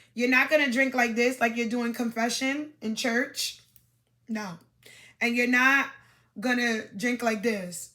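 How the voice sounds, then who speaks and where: A woman's voice: on the high side, sharp tone. A woman hosting a podcast, giving dating advice in an emphatic, repetitive coaching monologue with demonstrations.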